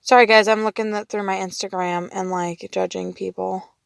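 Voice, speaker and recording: A woman's voice: mid-range voice, steady tone, moderate pace, gravelly, smooth, dry recording. A woman and mother chatting casually about a festival trip, rambling, swearing freely and restarting her sentences. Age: young adult or middle-aged, mother of two daughters. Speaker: vlogger recounting a festival trip. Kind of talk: casual storytelling monologue.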